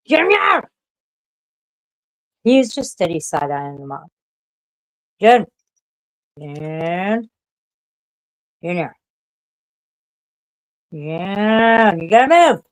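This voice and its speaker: A woman streamer in casual livestream chat, ranting with lots of swearing and shouting at her pets. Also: medium pitch, sing-song, extremely slow, pauses often, rough recording.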